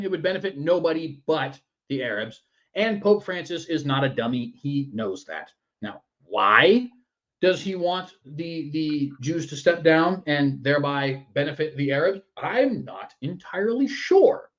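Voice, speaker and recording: A man's voice: fairly high pitch, lively intonation, measured pace, a bit bright, dull audio. Sarcastic male commentary host. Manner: sarcastic, mocking. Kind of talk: political commentary show.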